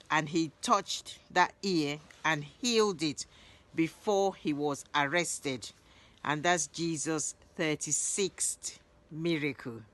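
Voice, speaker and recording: A woman narrating Bible stories in a lively retelling, raising her voice for the quoted lines. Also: sits low. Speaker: Bible storyteller.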